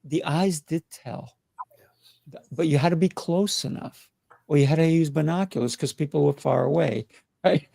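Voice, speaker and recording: Man, host, gravelly voice, fairly high pitch, dry close sound, coaching, asks rhetorical questions. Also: normal speed, dark tone, dry recording. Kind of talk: casual conversation.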